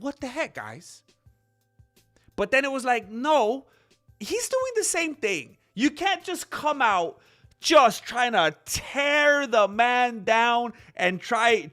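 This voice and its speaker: A man's voice: extremely high pitch, pushed and bright. A man hosting his own commentary channel, giving heated opinions and acting out the voices he quotes.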